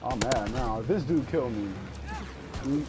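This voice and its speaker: A man commentating live on his own shooter match, excitable, exclaiming and laughing as he plays. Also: medium pitch, unhurried, noisy background. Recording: loud game gunfire behind the voice.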